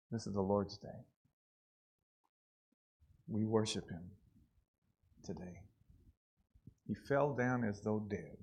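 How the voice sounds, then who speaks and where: A man preaching a sermon in church, earnest and repeating words for emphasis, swinging between soft and loud passages. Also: mid-range voice, creaky, husky. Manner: earnest, repeats words, rises and falls in loudness.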